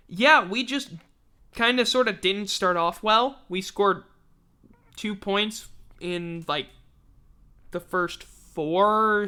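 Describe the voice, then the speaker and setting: Tired man, sports podcast host, bright tone, blunt and sarcastic. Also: high-pitched, clean tone. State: tired, yawning. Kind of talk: casual sports recap.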